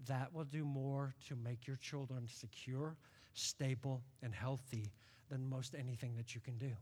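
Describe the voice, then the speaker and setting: A man in his late fifties from upstate New York, preaching a sermon in an animated storytelling way. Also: medium pitch, unhurried, slightly rough. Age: late 50s. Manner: animated storytelling, acts out quoted voices. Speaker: pastor. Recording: long reverb of a large hall.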